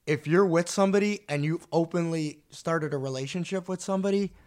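Man, fairly high voice, blunt, crude, casual podcast talk. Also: a little fast, a little mellow. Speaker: podcast co-host. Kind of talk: casual profane chat.

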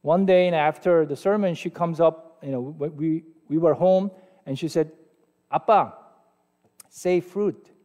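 A man's voice: fairly high pitch, moderate pace, dark tone. A man in his forties, a pastor with a Korean accent, preaching a sermon in a conversational, self-deprecating way and asking his listeners questions. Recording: long hall reverb.

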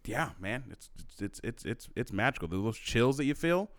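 A man's voice: mid-range voice, lively intonation, moderate pace, no room sound, clean studio sound. A young man co-hosting a podcast, laid-back and chatty, often repeating himself as he searches for words. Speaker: podcast co-host. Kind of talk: casual chat.

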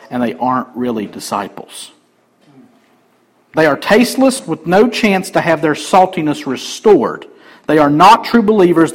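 Man, pastor, sermon, emphatic, slightly high voice. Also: rough recording. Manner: emphatic, rising to raised preaching then dropping to quiet asides.

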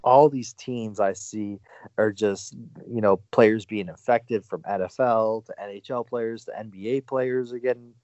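A man hosting a podcast in casual sports chat, halting with many fillers and restarts. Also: on the low side, fairly even intonation, mellow, no room sound, lo-fi sound. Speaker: podcast host.

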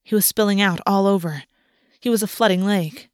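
A woman's voice: medium pitch, moderate pace, clean tone, no echo, clean studio sound. Woman reading a fantasy novel aloud. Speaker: audiobook narrator. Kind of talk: scripted narration.

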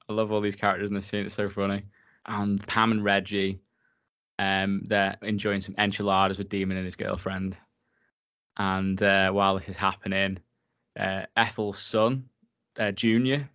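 A man's voice: on the low side, a bit bright, no room sound. A man giving a casual, chatty movie recap, giggling often and swearing freely. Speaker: film recap host.

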